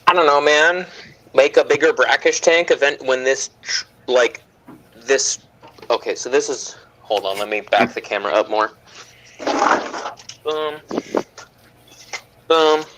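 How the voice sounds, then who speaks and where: Man, bright voice, rambling, hesitant, casual livestream chat. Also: mid-range voice, unhurried, pauses often, a little hiss or hum, low-quality recording. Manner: rambling, hesitant, with fillers and laughs. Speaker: aquarium hobbyist guest.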